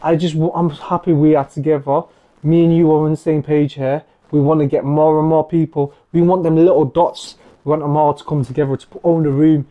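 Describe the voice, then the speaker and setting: A man's voice: fairly high pitch, little pitch movement, a little fast, dark tone, lo-fi sound. A man with a Mancunian accent, from Manchester, speaking earnestly and with passion as host of a podcast conversation. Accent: Mancunian English. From Manchester, England. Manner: earnest and impassioned.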